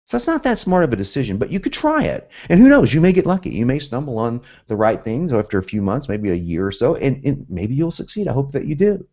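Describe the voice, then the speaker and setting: Talking fast with few pauses, this copywriting teacher has a medium-pitched, dark voice and is very animated. His instruction is casual and chatty, broken up by laughter and acted-out quotes. The recording sounds dull and lo-fi.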